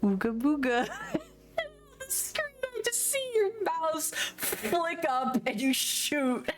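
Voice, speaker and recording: Giggly slow-talking woman streamer. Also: very high voice, sing-song, music in the background. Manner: giggly, laughs often. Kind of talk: casual chat while drawing. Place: home desk.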